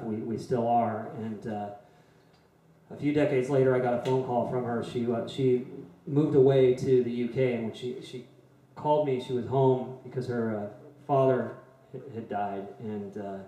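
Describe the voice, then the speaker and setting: A man in his forties telling a personal story in a soft, halting way before playing a song. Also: mid-range voice. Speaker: singer-songwriter. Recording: very echoey room.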